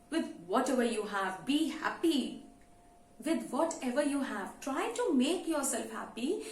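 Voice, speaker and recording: A woman teacher retelling a story to students in a conversational way, with many "you know" fillers. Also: high voice. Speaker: English teacher. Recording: roomy with faint ambience.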